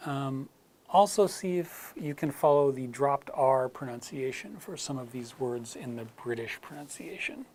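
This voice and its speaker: American accent pronunciation teacher, talks real slow and careful, says each example word twice. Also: medium pitch, darkish tone, slight background noise. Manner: deliberate, repeats example words for practice. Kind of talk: slow instructional narration.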